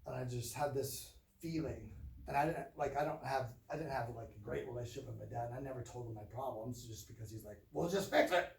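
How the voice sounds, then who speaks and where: A man's voice: mid-range voice, quick pace, gravelly. Middle-aged man telling stories in a roomy space. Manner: rambling, self-correcting, animated when telling stories. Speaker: training speaker. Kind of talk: storytelling in a training talk. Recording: roomy distant mic, faint ambience.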